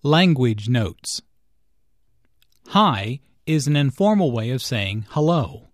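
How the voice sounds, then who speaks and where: A man narrates a language lesson, explaining each phrase in a slow, careful way. His voice sits in a middle register. The sound is dry and close to the mic. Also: medium pitch, very animated, no room sound. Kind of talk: scripted instructional narration.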